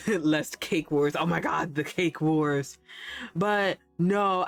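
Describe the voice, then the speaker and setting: A woman streamer with a slightly low voice chats with her live audience. She laughs often, swears casually and rambles. Faint music plays behind her. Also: slow pace.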